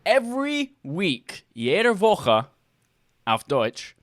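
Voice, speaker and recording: A man voicing a squeaky, goofy cartoon mouse in a high falsetto while reading a show intro. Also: huge pitch swings, extremely slow, fairly bright tone, exaggerated voice.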